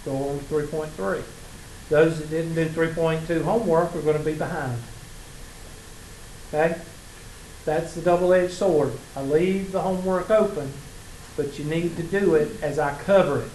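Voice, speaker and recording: A math instructor with a Southern US accent gives a casual college lecture, chatting with his students and spinning joking, sarcastic stories. His fairly high voice is a little mellow and moves at normal speed, recorded in an echoey classroom with faint room noise.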